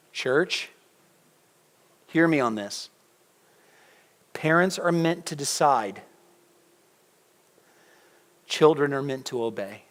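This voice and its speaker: A middle-aged man preaching a sermon in a church, conversational and animated, putting questions to the congregation. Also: fairly high pitch. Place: church sanctuary.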